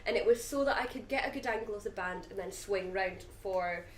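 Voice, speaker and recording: A woman with a Scottish accent co-hosting a casual podcast, telling animated anecdotes. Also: mid-range voice, fairly quick. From Scotland. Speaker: podcast co-host. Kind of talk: casual chat. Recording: echoey room, distant mic, faint noise.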